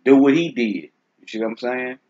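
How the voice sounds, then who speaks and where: In a dull lo-fi recording, a man hosts a casual Bible teaching talk, speaking in a laid-back, conversational way. His medium-pitched voice is warm and moderately paced, and he often asks "you see what I'm saying?".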